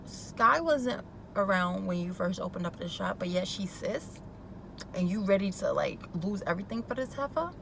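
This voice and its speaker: A woman's voice: medium pitch, vocal fry, a bit bright, a little hiss or hum, rough recording. A young woman casually recapping a TV episode, gossipy and opinionated, with chatty asides. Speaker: YouTube recap vlogger.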